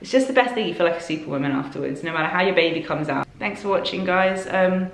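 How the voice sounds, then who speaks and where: A young woman telling her story to camera in an animated, chatty way, with many fillers. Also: lowish voice, fast talker, creaky, reverberant. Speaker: vlogger.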